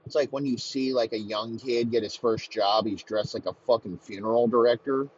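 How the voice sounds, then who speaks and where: A man's voice: mid-range voice, fairly even intonation, moderate pace. Guy ranting and cussing nonstop, mocking everybody, kinda muffled lo-fi sound. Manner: crude, mocking, swears constantly. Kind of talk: profane comedic rant. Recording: slightly muffled lo-fi recording, faint background noise.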